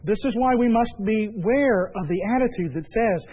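High-voiced man preaching a measured sermon. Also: expressive, highs cut off. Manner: emphatic, measured preaching with repeated phrases. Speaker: pastor.

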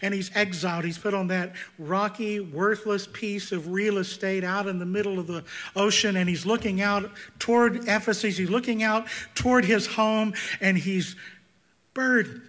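A man preaching a sermon, swinging between loud emphatic peaks and hushed, intense passages. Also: sits high, steady tone, moderate pace. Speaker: pastor.

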